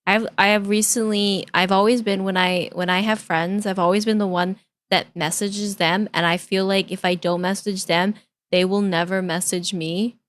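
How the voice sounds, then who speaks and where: This woman VTuber speaks at medium pitch with a steady tone and normal speed. In casual reaction-stream chat, she rambles and vents to her viewers with some exasperation, candidly restarting and repeating herself.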